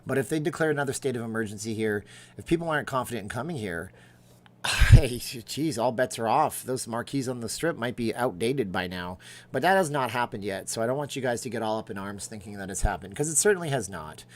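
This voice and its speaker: A middle-aged man riffing through a casual livestream, chatty and sarcastic as he answers viewers' questions. His pitch sits right in the middle for a man, and he talks loosely and conversationally. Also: lively intonation, fairly quick. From Las Vegas, Nevada. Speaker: livestream host.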